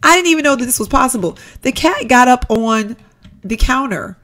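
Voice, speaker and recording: A woman giving casual, chatty commentary while playing a life-simulation game, excitable and addressing viewers as "y'all". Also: high voice, brisk. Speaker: Sims let's-play creator.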